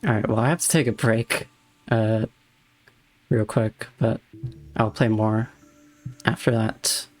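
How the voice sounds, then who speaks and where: A man's voice: lowish voice, a little slow, pauses often, faint music behind. A young man streaming a video game live, talking to himself and chat in an exasperated, swearing way.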